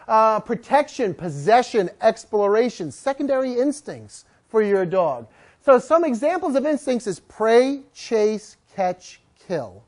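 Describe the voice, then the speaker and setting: A woman's voice: a little high, measured pace. A woman dog trainer giving a jokey talk to an audience, acting out little voices of owners and dogs. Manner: animated, jokey, acts out voices of people and dogs.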